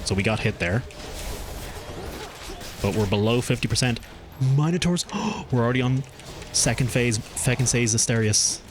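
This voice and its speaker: A man streaming a game, chatting casually and thinking aloud as he plays, with his pitch jumping up when something surprises him. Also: normal speed, pauses often. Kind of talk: casual gameplay commentary.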